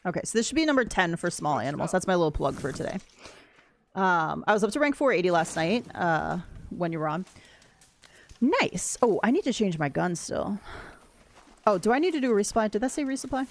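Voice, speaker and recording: A young adult woman streaming a game, talking in a rambling, candid, soft-spoken way. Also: fairly low pitch, very animated, a little fast. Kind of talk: casual livestream chat while gaming.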